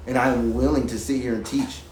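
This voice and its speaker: A man's voice: medium pitch, fairly even intonation, a little fast, darkish tone. A man in a rambling, profane rant at his home music setup, talking emphatically and repeating himself while reacting to a video. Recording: roomy with faint background hiss.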